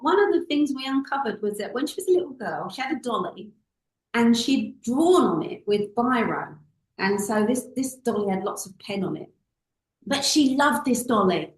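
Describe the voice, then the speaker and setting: Expressive woman speaking high. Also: roomy sound, low-quality recording. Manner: expressive, acts out voices in anecdotes. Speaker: public speaking coach. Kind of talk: interview guest, storytelling.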